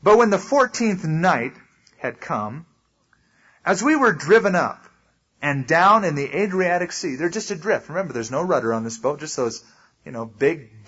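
Husky-voiced man preaching conversationally. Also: a little high, fairly bright tone, muffled recording. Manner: conversational, explains with asides and acted quotes. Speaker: pastor. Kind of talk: sermon, verse-by-verse Bible teaching.

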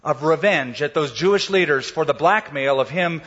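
Husky guy preaching, kinda high voice, long echo like a big church hall. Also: moderate pace, fairly bright tone, highs cut off. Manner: explains scripture in a casual, storytelling way, acting out quotes. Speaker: pastor. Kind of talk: sermon.

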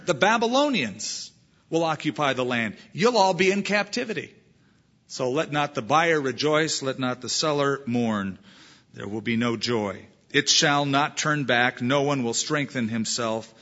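A male pastor delivers an emphatic, verse-by-verse expository sermon, weaving a story into it. His voice is fairly high, bright, and forceful. The sermon recording sounds dull and lo-fi.

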